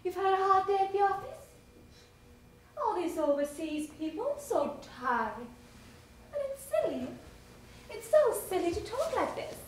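Here is a poised wife who coolly deflects and soothes. Her voice is very high and swings widely in pitch. The stage recording is strongly echoey. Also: big pitch swings, measured pace, long pauses, exaggerated voice. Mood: soothing. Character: evasive, coaxing wife, poised and coolly teasing. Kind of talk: stage play performance. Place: theater stage. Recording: very echoey theater, faint noise.

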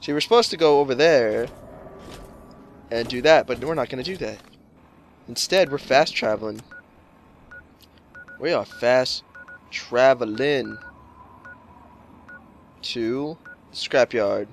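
A man's voice: mid-range voice, slow pace, long pauses, slight background noise. A man casually commenting on gameplay, jokey and rambling with lots of swearing. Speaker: let's play host.

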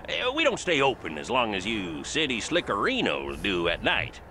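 A man's voice: on the low side, wildly swooping pitch, moderate pace, bright, forceful tone, a little hiss or hum, exaggerated voice. A man voicing a folksy, chummy small-town sheriff in a video game, tacking a silly suffix onto his words. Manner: folksy drawl, tacks "erino" onto words. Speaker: game character.

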